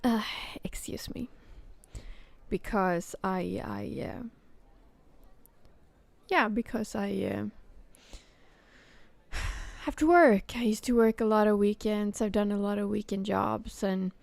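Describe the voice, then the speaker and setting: A woman telling a work story in casual chat, halting and full of fillers and restarts. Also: medium pitch, fairly even intonation, vocal fry, a little mellow. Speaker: podcast host.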